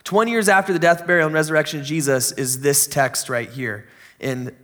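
Upbeat high-voiced young preacher man. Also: steady tone, brisk, fairly bright tone. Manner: enthusiastic, conversational, jokey preaching. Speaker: pastor. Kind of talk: sermon.

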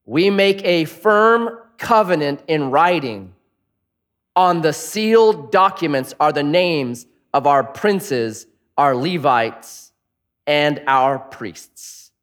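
A middle-aged male pastor delivering a sermon with a high, lively voice. He preaches in a joking, animated way, swooping up and down in pitch. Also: slow pace.

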